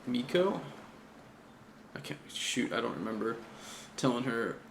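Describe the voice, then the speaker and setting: A man chats loosely about an anime, and his voice has a gravelly fry to it. He talks in a slangy, profane way and laughs often. The room sounds echoey, with a faint hum underneath. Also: medium pitch, expressive, measured pace. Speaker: anime reviewer. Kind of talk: casual chat.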